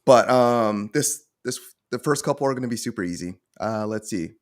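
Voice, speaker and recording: Male podcast host, somewhat low voice, patient explainer who keeps checking in. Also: expressive, moderate pace. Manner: explains rules step by step, checks in with "okay?". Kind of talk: casual gaming podcast chat.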